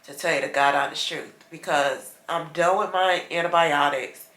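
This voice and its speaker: A congested woman vlogs from her bed, rambling and frustrated as she talks to her viewers. Her voice is low but bright and forceful. The room around her sounds echoey. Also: steady tone, normal speed. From United States. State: congested, stuffy nose. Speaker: vlogger. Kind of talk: casual vlog chat. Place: bedroom, lying in bed.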